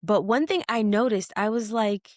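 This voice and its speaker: Woman podcast co-host, casual chat, lively storytelling, dry close sound. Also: medium pitch, normal speed, dry recording. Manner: animated storytelling, acts out quoted lines. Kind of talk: casual chat recapping a show.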